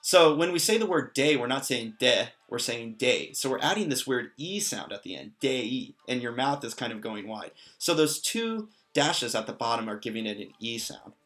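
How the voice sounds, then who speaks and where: Bright-voiced man teaching a lesson. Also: mid-range voice, big pitch swings, moderate pace, few pauses. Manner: patient, explanatory, lightly joking. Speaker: language teacher. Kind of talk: casual lesson explaining a constructed language.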